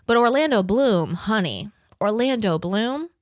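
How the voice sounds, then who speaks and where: A twenty-something woman with a medium-pitched voice hosts a podcast in a dry recording. She keeps the chat casual and animated, cursing and laughing often, and reads aloud haltingly.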